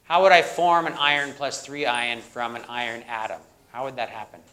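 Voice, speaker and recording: Bright-voiced man lecturing a class. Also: mid-range voice, steady tone, moderate pace. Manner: questions the class and echoes their answers; jokey, plays up corny jokes. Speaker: university biochemistry lecturer. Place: lecture hall.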